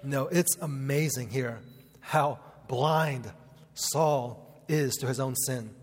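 A man's voice: mid-range voice, takes it slowly. A man preaching a sermon, earnest and conversational, with casual fillers mixed into the teaching. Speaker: pastor. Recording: long hall reverb.

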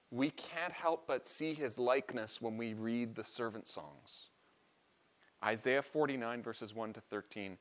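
A man's voice: on the low side, fairly bright tone. Earnest male preacher explaining scripture. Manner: earnest, explanatory, with emphatic rises on key phrases. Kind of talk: sermon.

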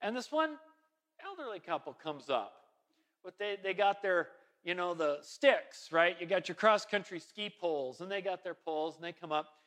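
A man's voice: high voice, lively intonation, normal speed, fairly bright tone. A man, a pastor, telling a casual, self-deprecating story in a sermon, rambling with many fillers and restarts.

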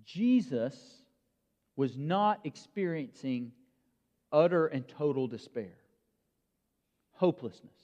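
A man preaching a sermon in a measured, emphatic way, with dramatic pauses. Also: a little high, animated, dark tone. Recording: long reverb, dull lo-fi sound.

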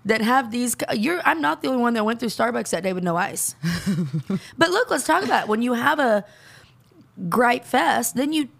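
A middle-aged woman co-hosting a podcast, ranting in animated casual chat and laughing often. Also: on the high side, moderate pace, creaky. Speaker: podcast co-host.

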